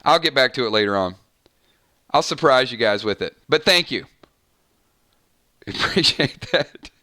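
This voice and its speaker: A man's voice: medium pitch, expressive, a little slow, sharp tone. A man hosting a live stream, chatting casually and thanking viewers by name, often stumbling and restarting his sentences. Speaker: live-stream show host.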